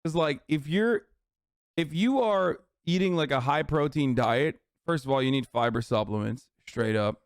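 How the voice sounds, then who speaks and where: Mocking streamer man, crisp dry voice. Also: a little high, moderate pace, no echo. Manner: loose, profane, mocking, incredulous. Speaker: streamer reacting to videos. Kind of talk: casual reaction commentary.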